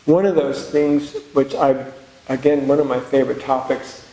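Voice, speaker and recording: A man's voice: mid-range voice, fairly even intonation, moderate pace, creaky, dark tone. A man, a monk, giving a spiritual retreat talk in a conversational, reflective way with humorous asides. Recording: very echoey room with faint background noise.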